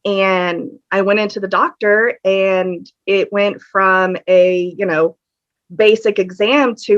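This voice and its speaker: In a slow, steady, mid-range voice, a woman recounts her story on a podcast, candid and earnest with frequent ums. It's casual interview storytelling. She records at home in a room with a fan on, and the audio comes through dull and lo-fi.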